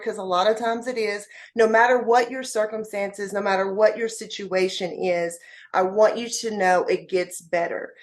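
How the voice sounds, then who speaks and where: A woman guest on a podcast, her voice pitched slightly high. She speaks from the heart with motivational urgency and addresses listeners directly. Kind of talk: podcast interview.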